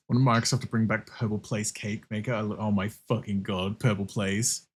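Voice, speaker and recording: A man streaming a game and chatting casually, excitable, laughing a lot and swearing often. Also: fairly low pitch, moderate pace, a little hiss or hum. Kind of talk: casual livestream chat while gaming.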